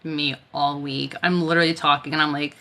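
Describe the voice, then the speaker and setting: Tired, chatty woman with a low, bright voice. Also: flat delivery, a little fast. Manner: chatty storytelling, laughs often. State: tired, worn out. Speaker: Reiki healer hosting a live stream. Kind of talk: casual chat on a live stream.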